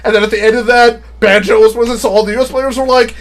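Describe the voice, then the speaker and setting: A man's voice: high voice, fairly even intonation, quick pace, few pauses, a little hiss or hum. A man chatting casually on a live stream, rambling and often laughing at his own jokes.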